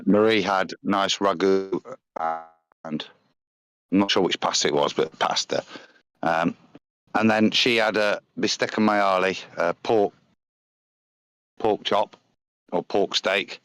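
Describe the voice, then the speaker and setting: Easygoing low-voiced man chatting. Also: steady tone, slow pace, pauses often, fairly bright tone, clear, resonant tone, no echo. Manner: easygoing, rambling food talk. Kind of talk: casual chat on a live online panel.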